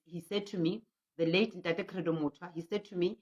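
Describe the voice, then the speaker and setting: South African healer telling stories, muffled. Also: female voice, lowish voice, fairly quick. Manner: animated storytelling, reads out viewer comments; frequent laughter and restarts. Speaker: traditional healer hosting a prayer session. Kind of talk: livestream talk. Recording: muffled lo-fi audio.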